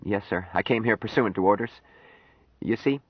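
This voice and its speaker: A man's voice: lowish voice, normal speed, husky, dry recording, highs cut off, pitched above the performer's own voice. A man voicing a stiff, flustered young military officer in an audiobook. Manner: stiff, hesitant, formal.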